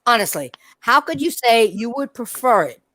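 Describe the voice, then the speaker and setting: A woman's voice: a little high, big pitch swings, moderate pace, a bit bright, dry recording. A woman hosting a podcast, ranting bluntly with profanity and repeated direct addresses to her listeners. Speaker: podcast host. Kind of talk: heated casual podcast rant.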